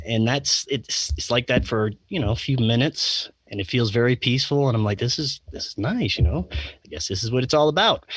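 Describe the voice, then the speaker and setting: Male podcast guest, middle-pitched, casual and rambling with fillers, dry recording. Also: a bit bright, no echo. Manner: rambling, full of fillers and restarts, with chuckles. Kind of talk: casual interview storytelling.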